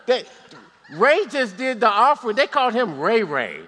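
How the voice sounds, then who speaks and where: Animated male pastor, high voice, long church-hall reverb. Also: normal speed, slight background noise. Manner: animated, humorous asides. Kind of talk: sermon.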